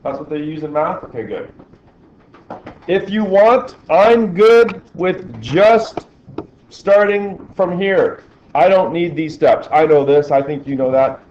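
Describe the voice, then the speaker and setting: A man's voice: on the high side, darkish tone, lo-fi sound, slight background noise. Chatty man teaching a class. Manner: chatty, asks the class questions as he works. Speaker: physics teacher.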